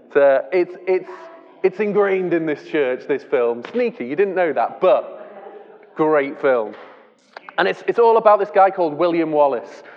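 The audio is narrow and tinny with a long reverb tail as an English preacher with a fairly high voice speaks in a church hall. His sermon is casual, chatty and self-deprecating, and he keeps restarting his sentences.

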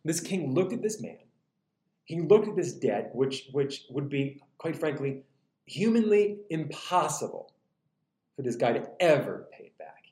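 A man preaching a sermon in an animated, humorous, conversational way. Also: a little high, measured pace. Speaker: pastor. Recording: roomy echo.

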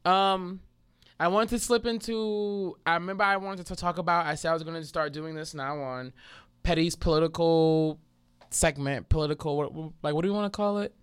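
A man with a fairly high, smooth voice co-hosts a casual chat show. He talks bluntly and tells his stories with lively energy. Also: normal speed, dry recording. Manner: blunt, animated storyteller. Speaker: podcast co-host.

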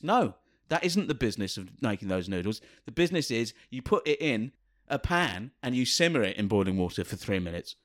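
A man's voice: mid-range voice, fairly bright tone. A man hosting a podcast, arguing in casual, pedantic banter with plenty of swearing. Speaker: podcast host.

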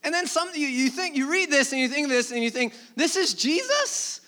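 A man delivers a sermon with a high, bright, forceful voice. He talks conversationally, slipping into acted-out asides and vivid retellings as he preaches. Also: quick pace. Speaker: pastor.

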